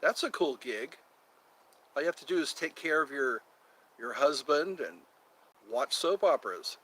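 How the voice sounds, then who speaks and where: A man's voice: a little high, lively intonation, unhurried, sharp tone, slightly rough, rough recording. A man hosting a casual livestream outdoors, rambling and drifting into singing and silly voices. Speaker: livestream host. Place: outdoors then walking into house.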